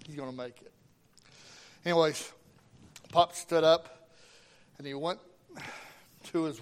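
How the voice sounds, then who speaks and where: A middle-aged man, a pastor, telling a folksy story in a sermon with animated quoted voices. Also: on the high side. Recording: long reverb of a hall.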